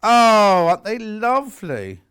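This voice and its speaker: A man hosting a live shopping channel, talking in a lively, bantering way. His voice sits a little high for a man and swings widely up and down as he jokes with the crew. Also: unhurried, smooth. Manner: chatty, bantering, chuckling asides.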